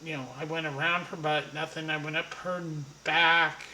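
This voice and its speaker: Brief: male storyteller, bright forceful tone, blunt and crude, echoey room. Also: a little high, steady tone, moderate pace, a little hiss or hum. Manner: blunt, profane, rambling. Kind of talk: casual anecdote storytelling.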